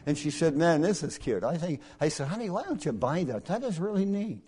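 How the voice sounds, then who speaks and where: A middle-aged male preacher delivering a sermon through folksy personal stories, swinging from hushed asides to loud, emphatic lines. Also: a little high, very animated, a little fast, husky.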